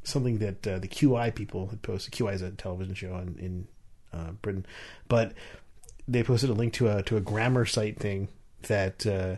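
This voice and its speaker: A man's voice: on the low side, steady tone, moderate pace, darkish tone. A man co-hosting a podcast, explaining things in casual chat with many restarts and fillers. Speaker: podcast co-host.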